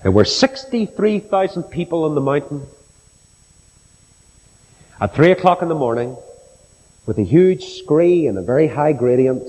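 A middle-aged man preaching a sermon, telling stories slowly and earnestly and building to solemn emphasis. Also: fairly high pitch, sing-song, darkish tone. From Ireland. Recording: long reverb of a large hall.

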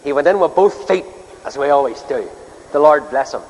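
A man preaches from the pulpit in a slightly high voice, pressing his points with measured emphasis and sudden lifts in pitch. His words ring out into a long, reverberant church hall. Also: animated. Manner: emphatic, measured delivery with sharp rises in pitch. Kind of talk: evangelistic sermon.

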